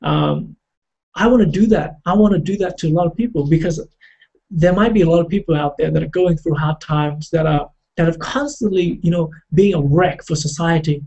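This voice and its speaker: Man, personal story, reflective, lots of fillers, gravelly, slightly high voice. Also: warm tone, highs cut off. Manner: halting, reflective, many fillers and restarts. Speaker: podcast host telling a personal story.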